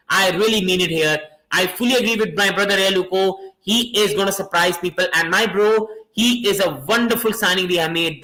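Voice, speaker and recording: A man's voice: high voice, bright, forceful tone, reverberant, low-quality recording. A man hosting a casual football fan stream, talking passionately and calling his viewers bro and guys again and again. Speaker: football fan channel host. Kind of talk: live stream fan chat reacting to comments.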